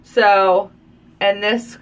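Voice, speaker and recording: A woman's voice: mid-range voice, level tone, drawn-out words, clear, resonant tone. A woman and mother chatting casually at home in a live beauty product review, rambling and gushing. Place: at home, children heard downstairs.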